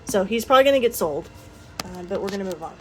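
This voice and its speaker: A woman's voice: medium pitch, expressive, fast talker, fairly bright tone, faint music behind. A woman chatting casually through her toy collection, rambling with frequent ums and little laughs. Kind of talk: casual show-and-tell chat.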